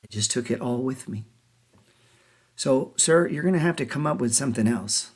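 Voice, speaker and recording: Brief: male host, mid-pitched, heated casual rant, swears a lot, sarcastic rhetorical questions. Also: lively intonation. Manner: profane, mocking, rapid rhetorical questions. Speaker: trading show host.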